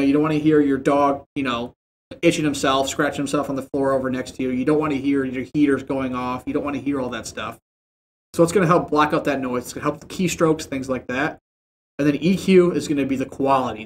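Talking straight to the viewer from his home setup, a tech tutorial host runs a casual how-to video in a chatty, informal style. His voice is fairly high, recorded on a desktop mic with processing plugins, with slight background noise.

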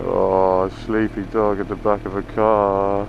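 Sweary biker ranting over traffic noise. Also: male voice, lowish voice, little pitch movement, very slow, gravelly, pauses often, highs cut off. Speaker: motorbike vlogger. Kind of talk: casual riding commentary. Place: riding a motorbike on town roads. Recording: noisy wind and traffic.

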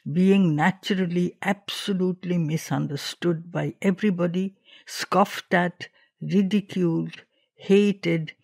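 A man reading a spiritual text aloud in a measured, deliberate way, with long pauses between phrases. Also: a little high, vocal fry, a little mellow, dry recording, studio quality. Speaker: reader of spiritual texts. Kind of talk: slow devotional reading.

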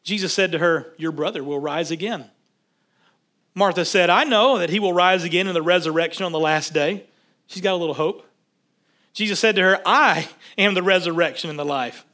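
A man preaching a sermon in a relaxed, conversational way, reading scripture aloud and stopping to comment on it. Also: sits high, fairly quick. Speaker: pastor.

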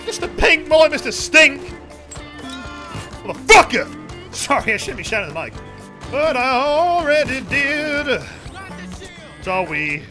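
A man streaming a game, chatting casually with viewers, excitable and swearing freely. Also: high-pitched, moderate pace, pauses often. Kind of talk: casual gameplay commentary. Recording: game music playing behind.

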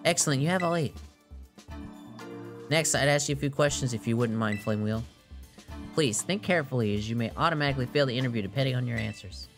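A man's voice: medium pitch, fast, pauses often, soft background music, lightly acted. A man reading a polite, formal woman interviewer. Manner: courteous, reads formally.

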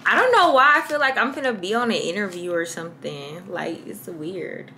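A woman's voice: mid-range voice, animated, normal speed, background noise. A woman in her twenties vlogging casually to camera, chatty and slangy, talking straight to her viewers. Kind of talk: casual vlog chat to camera.

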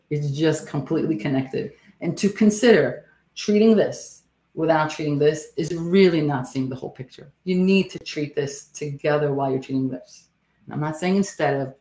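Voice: mid-range voice, a little mellow. A nurse practitioner giving a health education talk in a chatty, emphatic way, with joking asides. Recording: roomy echo.

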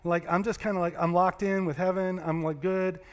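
A man's voice: high-pitched, little pitch movement, fairly quick, smooth, long reverb tail. A man giving a sermon as pastor, telling stories in a conversational way and acting out the voices of the people in them. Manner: conversational storytelling preacher, acts out voices. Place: church sanctuary.

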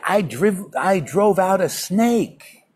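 A man's voice: sits high, lively intonation, slow pace, darkish tone, a little hiss or hum. A man giving an informal morning spiritual class in a public place, talking in a brash, scolding way and calling his listener "man" again and again. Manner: brash, scolding, colloquial, keeps saying "man". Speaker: spiritual teacher.

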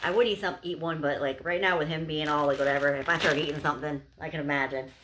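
A woman's voice: sits low, fairly even intonation, fast, fairly bright tone, a little hiss or hum. A young woman chatting casually to camera as she unboxes gifts, gushing and bubbly, with lots of "like"s. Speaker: unboxing vlogger.

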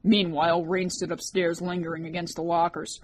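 A woman reads an audiobook aloud in a voice on the low side for a woman. She narrates at an even, steady pace and gives each character a voice of their own. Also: normal speed, a little hiss or hum.

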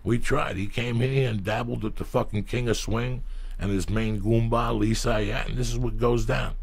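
A man hosting his podcast, reading sponsor ads in a loud, emphatic, profane, rambling way. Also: medium pitch, steady tone, normal speed, vocal fry, breathy edge. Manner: loud, emphatic, swears freely. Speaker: podcast host.

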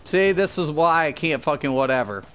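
A man's voice: on the high side, expressive, normal speed, a bit bright, slight background noise. A young man streaming a game live, commenting on play and ranting at his chat with heavy swearing. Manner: profane, ranting, addressing chat.

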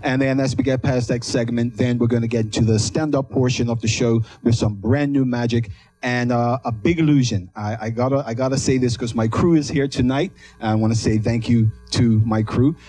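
A man's voice: medium pitch, steady tone, a little fast, warm tone. A man, a magician hosting his own stage show, welcoming the audience and laying out the evening in an upbeat way, with fillers. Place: comedy stage in a venue.

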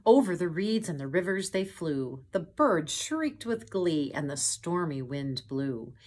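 A woman reading a picture book aloud to children, pausing to point at pictures and ask them questions in a gentle way. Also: fairly low pitch, lively intonation. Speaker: storytime reader. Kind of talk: children's storytime read-aloud.

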